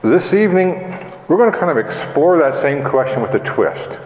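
A male pastor gives an evening sermon in a relaxed, conversational way, often turning questions back to his listeners. His pitch moves freely, and the voice carries with a long reverb through a big echoey hall. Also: moderate pace. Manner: conversational, reflective, asks the audience questions.

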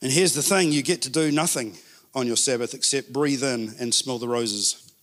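A man preaching a sermon in an animated way, repeating words for emphasis. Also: mid-range voice, normal speed. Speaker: pastor.

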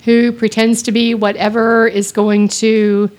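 A woman's voice: on the high side, little pitch movement, measured pace, a little mellow. A woman from Texas with a light Texan drawl, chatting casually on a podcast and laughing often. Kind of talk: casual chat.

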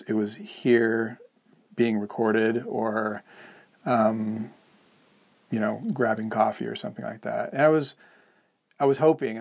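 A man's voice: on the low side, vocal fry, darkish tone. A man co-hosting a podcast, speaking candidly and hesitantly, often searching for words in a reflective conversation. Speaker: podcast co-host.

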